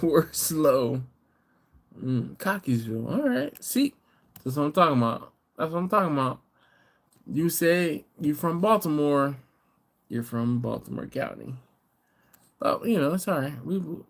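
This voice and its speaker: A man's voice: on the high side, vocal fry. A tired middle-aged man hosting a casual late-night live stream, chuckling and bantering in a laid-back, slangy way as he reads viewer comments. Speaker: barbecue channel host.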